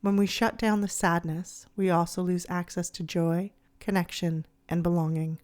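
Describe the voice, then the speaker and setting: A woman hosting her own podcast narrates calmly from a script, her voice soft and sitting a little low. Her delivery is gentle, soothing and measured.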